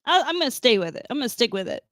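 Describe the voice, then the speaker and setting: A woman's voice: a little high, sing-song, racing, a bit bright, dry recording, clean studio sound. Teasing, laughing radio co-host woman. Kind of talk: casual morning radio banter. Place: radio studio.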